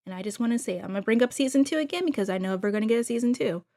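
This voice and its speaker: A woman's voice: fairly high pitch, animated, racing, warm tone. A woman hosting a casual gossip recap of a reality show, chatting to viewers with gushing asides. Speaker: TV recap host.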